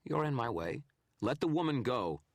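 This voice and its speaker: A man's voice: medium pitch, sing-song, normal speed, no room sound, studio quality, voice pushed up. A man voicing a menacing, sneering sorcerer's phantom image that speaks with cold, supreme confidence.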